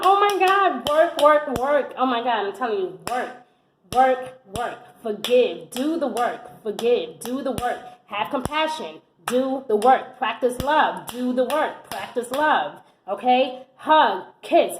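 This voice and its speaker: Animated American woman reading tarot, echoey room. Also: high voice, moderate pace. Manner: animated, exclamatory, repeats phrases. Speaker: tarot reader.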